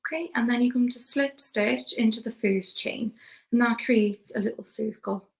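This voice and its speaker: Welsh woman teaching crochet, gravelly. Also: on the high side, normal speed, low-quality recording. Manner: relaxed, chatty, talks while working with hands. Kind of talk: step-by-step craft demonstration.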